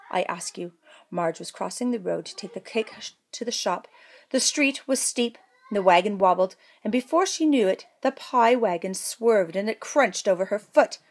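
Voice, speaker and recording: Playful woman reading a fairy tale. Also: medium pitch. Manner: playful, jokey asides. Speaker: storyteller. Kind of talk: playful storybook read-aloud.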